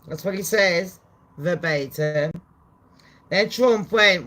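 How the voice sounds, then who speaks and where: A woman gives profane, animated gossip commentary as a channel host. Her voice is bright and sharp, and her delivery is unhurried. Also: on the low side. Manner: animated, swearing, laughing asides. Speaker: commentary vlogger.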